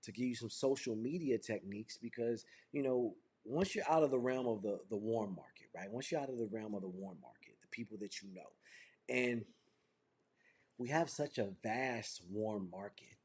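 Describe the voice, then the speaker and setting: A man's voice: mid-range voice, moderate pace, darkish tone, breathy edge. A man leading a motivational sales training over a video call, talking in fervent, repetitive build-ups like a preacher. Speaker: business trainer.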